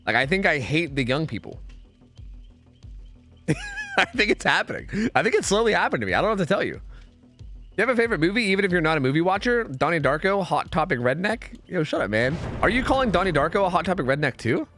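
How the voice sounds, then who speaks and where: A man's voice: high voice, sing-song, quick pace, a bit bright, soft background music. A man streaming a game, chatting casually with viewers, rambling and swearing, saying dude a lot. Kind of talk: casual chat with chat while gaming.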